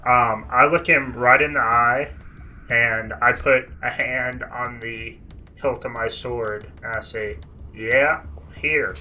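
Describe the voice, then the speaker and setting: A man speaking as a player in a tabletop game, measured, hesitant and quietly persuasive. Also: medium pitch, fairly even intonation, slight background noise. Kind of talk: tabletop role-play.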